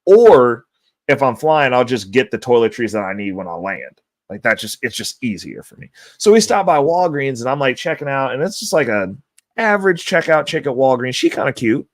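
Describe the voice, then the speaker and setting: A man's voice: medium pitch, brisk, dry recording, clean studio sound. Profane, laughing man telling stories. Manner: profane, laughing, animated storyteller. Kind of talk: casual storytelling chat.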